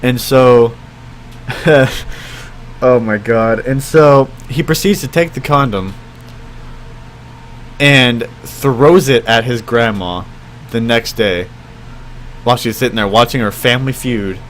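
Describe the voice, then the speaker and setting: A man's voice: unhurried, a little hiss or hum. Rambling young man telling a story. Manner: rambling, many fillers like "like" and "I mean"; acts out quoted voices with jumps in pitch. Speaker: vlogger. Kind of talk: casual storytelling.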